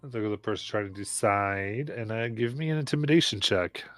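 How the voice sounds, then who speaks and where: A man narrating as game master of a tabletop game, halting, with many fillers and sighs. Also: lowish voice, fairly bright tone, no echo, soft background music.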